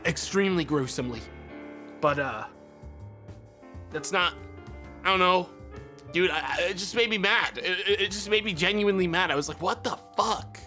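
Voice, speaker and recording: Brief: male streamer, high and bright voice, profane, heated rants at chat. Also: moderate pace, long pauses, soft background music. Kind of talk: casual livestream chat.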